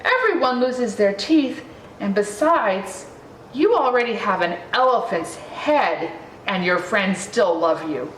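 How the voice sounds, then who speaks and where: A woman voicing a small, anxious talking mouse with a squeaky, high voice. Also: big pitch swings, slow, a bit bright, a little hiss or hum. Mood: reassuring. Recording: roomy, distant mic, faint ambience.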